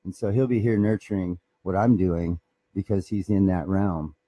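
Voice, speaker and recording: A low, husky-voiced man rambles in a casual, profane monologue, boastful and loose. His mellow tone sounds dry and close. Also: moderate pace, no room sound. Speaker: guitar shop owner and bassist.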